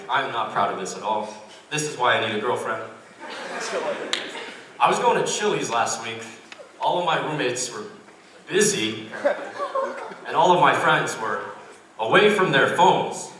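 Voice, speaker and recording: Young guy doing stand-up, deadpan self-deprecating, bright voice, super echoey room. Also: lowish voice, a little hiss or hum. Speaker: stand-up comedian. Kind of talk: stand-up comedy set. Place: university comedy club stage. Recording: echoey room, mic far off.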